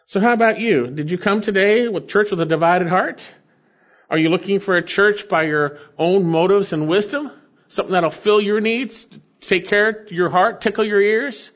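High-voiced earnest preacher man. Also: moderate pace, a bit bright, highs cut off. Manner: earnest preaching, rising to emphatic peaks and dropping low. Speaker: pastor. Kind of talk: sermon.

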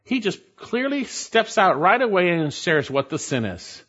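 A man's voice: high-pitched, lively intonation, normal speed, hardly any pauses, a bit bright. A man preaching an expository Bible sermon in an emphatic way, repeating his key points for stress. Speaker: pastor. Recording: dull lo-fi recording.

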